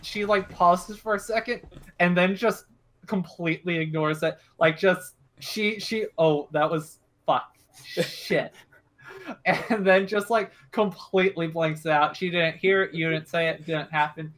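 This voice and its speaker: A woman's voice: lowish voice, fairly even intonation, moderate pace, fairly bright tone. A young woman narrating a tabletop game as game master, casual and hesitant with many fillers.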